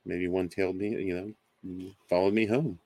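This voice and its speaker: Low gravelly man telling a ghost story. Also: moderate pace, dry recording. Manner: animated storyteller, acts out voices of others. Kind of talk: casual storytelling on a talk show.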